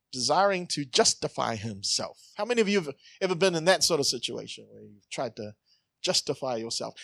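A man's voice: on the high side, a bit bright, no room sound. A man preaching a conversational sermon, joking and asking the congregation questions. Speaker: pastor.

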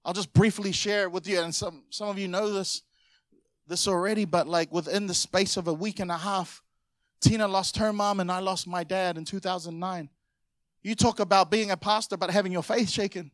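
High-voiced male pastor, heartfelt preaching. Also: steady tone, moderate pace, dry recording, clean studio sound. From Samoan family. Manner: emotional storytelling with repetitions, swelling to exhortation. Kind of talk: sermon. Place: church hall.

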